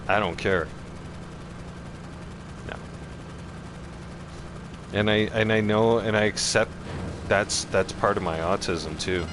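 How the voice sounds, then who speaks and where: Low-voiced man trash-talking over gunfire. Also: background noise. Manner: trash-talking, profane, taunting. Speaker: streamer. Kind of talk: gameplay commentary. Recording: game gunfire behind voice.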